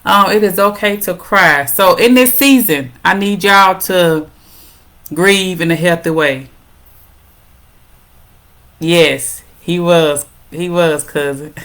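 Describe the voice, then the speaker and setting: A middle-aged woman talks straight to her viewers as the host of a parenting show. Her voice sits a little low, and her delivery is casual, heartfelt and encouraging. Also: takes it slowly, pauses often. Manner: warm encouraging, addresses viewers as "y'all".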